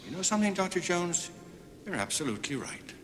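Ruthless greedy movie villain. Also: male voice, high voice, very animated, a little fast, music in the background. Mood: coldly triumphant. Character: ruthless greedy middle-aged male villain. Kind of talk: film acting. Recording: film soundtrack with score and reverb.

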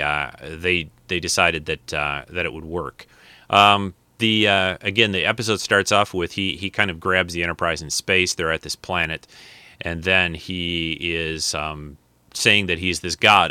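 A man's voice: sits low, pushed and bright, no room sound. A man hosting a podcast, talking casually in a rambling way with many fillers and restarts. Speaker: podcast host. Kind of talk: casual spoken commentary.

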